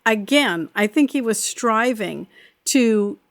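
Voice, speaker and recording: A woman co-hosting a podcast, calmly explaining her view of a book and laughing along. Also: on the high side, takes it slowly. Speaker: podcast co-host. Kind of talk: casual book discussion.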